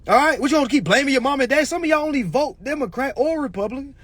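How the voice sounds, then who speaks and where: A man delivering a casual, preachy rant to his viewers, swearing freely, tagging his points with "all right?" and swinging between murmurs and shouts. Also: very high voice, animated, rapid-fire, no room sound. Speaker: social media commentator. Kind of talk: casual ranting monologue.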